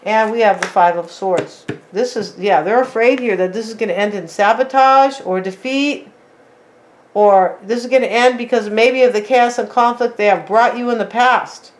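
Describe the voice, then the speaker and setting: A woman with a somewhat high voice talks her viewers through a tarot spread. Her delivery is loose and chatty, full of "like" and "right?", and she speaks to the audience directly as "you guys.". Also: normal speed. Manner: chatty, tags lines with "right?" and "like". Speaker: tarot reader. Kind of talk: casual tarot reading to viewers.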